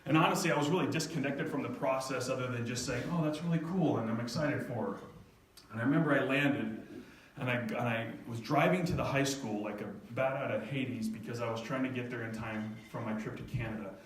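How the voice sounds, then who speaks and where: A middle-aged man telling a personal story to an audience, animated and self-mocking, often laughing. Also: medium pitch, a little fast. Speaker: speaker at a live event. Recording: echoey hall from far off, faint noise.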